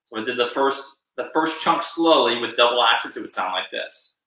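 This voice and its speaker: A man's voice: mid-range voice, animated, normal speed, over loud music. A man teaching a live online drum lesson, counting beats aloud and encouraging his students. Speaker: percussion instructor. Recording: echoey room with drumming behind.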